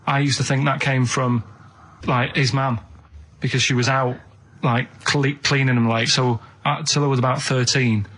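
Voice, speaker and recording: A man tells a story on a radio comedy show. His voice is mid-pitched, plain and unhurried. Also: level tone, fairly bright tone. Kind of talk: comic radio chat.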